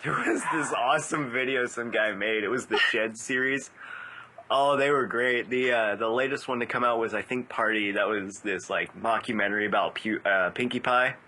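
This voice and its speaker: A man's voice: medium pitch, moderate pace, pushed and bright, a little hiss or hum. A man co-hosting a casual podcast over a Skype call, teasing the others with jokey, dry retorts. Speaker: podcast co-host.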